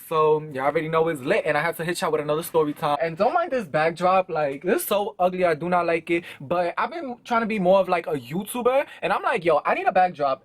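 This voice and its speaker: A young man rattles through a casual storytime, his pitch jumping all over as he talks fast and slangy. The sound is dry and close, recorded indoors at home. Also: no room sound. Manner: animated, slangy, quick. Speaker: vlogger. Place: indoors at home before a backdrop.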